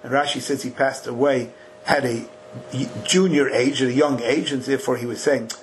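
A man teaching a Talmud study class, chanting Aramaic and Hebrew slowly and then translating it in a lively way. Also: medium pitch, slight background noise, rough recording.

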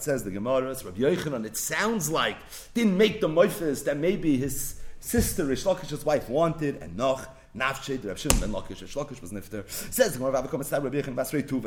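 Man, Talmud teacher, quick animated sing-song delivery, slightly high voice. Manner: sing-song learning cadence, acting out the rabbis' voices. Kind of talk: animated Talmud class, mixing Aramaic and Hebrew into English.

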